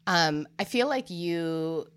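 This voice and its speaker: A woman's voice: on the low side, animated, slow pace, fairly bright tone, clean tone, no echo. A woman hosting a casual chat, encouraging and playful, often laughing.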